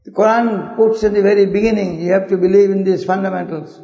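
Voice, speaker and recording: A man's voice: sits high, fairly even intonation, fast talker, creaky, warm tone. A man giving a sermon. He asks his listeners questions and recites verses in Arabic. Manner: explains by asking the audience questions, recites Quran verses in Arabic. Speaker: Islamic preacher. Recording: dull echoey hall.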